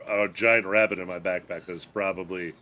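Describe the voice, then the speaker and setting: A man's voice: sits low, fairly even intonation, moderate pace, sharp tone. A man playing a tabletop game who makes dry jokes about his character's actions. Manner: dry joking. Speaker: player.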